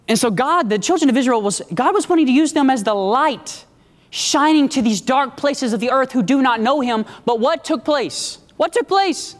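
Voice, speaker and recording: A man preaching a sermon with emphatic call-and-response, his pace shifting often. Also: very high-pitched. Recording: long echo of a large hall.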